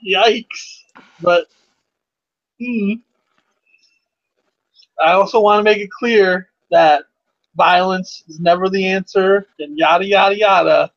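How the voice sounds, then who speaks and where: High-voiced man cracking jokes, dull sound. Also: slow pace, pauses often. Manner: joking interjections, excitable. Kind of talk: casual chat.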